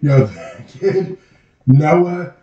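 A man's voice: on the high side, drawn-out words, mellow, echoey room. A man co-hosting a podcast, agreeing eagerly and laughing often in casual banter. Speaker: podcast co-host. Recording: distant, dull mic.

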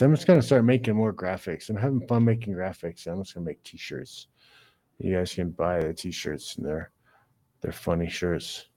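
A man's voice: low voice, dark tone. A man hosting a livestream, ranting bluntly and casually between reading chat messages. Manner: blunt, ranting, swears freely.

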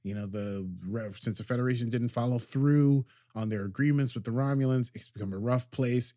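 A man's voice: medium pitch, brisk, hardly any pauses, dark tone, no room sound, studio quality. A man casually recapping a TV episode as a podcast co-host, rambling and joking as he acts out the characters' lines.

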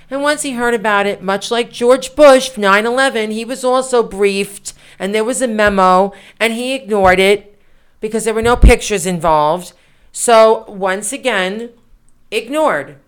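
A woman's voice: medium pitch, unhurried, smooth. A woman co-hosting a political podcast, talking in an indignant, emphatic way with rhetorical questions. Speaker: podcast co-host.

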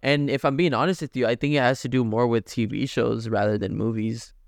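A man's voice: medium pitch, steady tone, fairly quick, gravelly, dry recording, clean studio sound. A man co-hosting a podcast in casual chat, loose and rambling, with many fillers. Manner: loose and chatty, lots of fillers. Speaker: podcast co-host.

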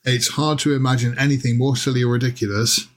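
A man with an English accent hosting a casual podcast chat, chatty, laughing often and filling pauses with many ums. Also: medium pitch, little pitch movement. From England. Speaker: podcast host.

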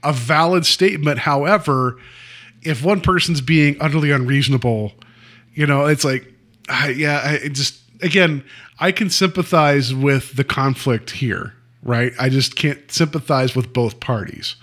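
A man co-hosting a casual podcast, talking in an animated, sarcastic way and laughing often. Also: medium pitch, unhurried. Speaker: podcast co-host.

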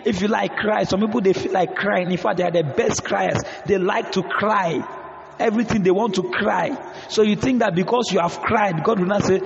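High, gravelly man preaching in an echoey hall. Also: moderate pace, a little hiss or hum. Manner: emphatic and repetitive, calls and responses. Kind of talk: sermon. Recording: echoey hall, dull sound.

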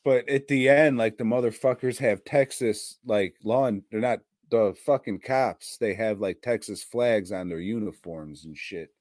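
A man's voice: fairly low pitch, unhurried, hardly any pauses, a little mellow, dry recording, studio quality. A man co-hosting a podcast, chatting casually about horror movies, swearing constantly and laughing often. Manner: profane, rambling, laughs often. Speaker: podcast co-host.

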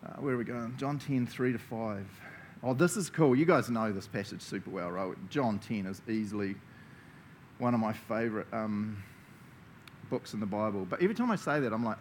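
A pastor with a New Zealand accent gives a chatty, enthusiastic sermon, laughing often as he goes. His voice is fairly low and moderately paced, with a bit of hiss or hum in the background.

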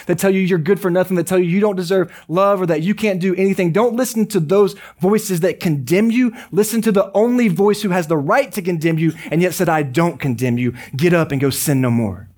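A man preaching a sermon as a pastor, conversational and joking with quick asides. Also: high-pitched, a little mellow.

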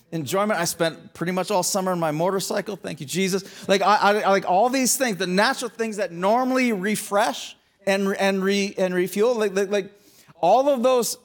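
A high-voiced male pastor delivering a sermon. He talks in an earnest, emphatic way, stumbling over and repeating words as his thoughts build, then lands on pointed rhetorical questions.

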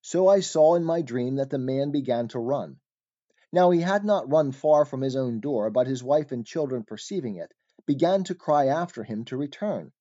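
A man narrating an old allegory in measured, formal, old-fashioned phrasing. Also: mid-range voice, animated, warm tone. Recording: dull lo-fi recording.

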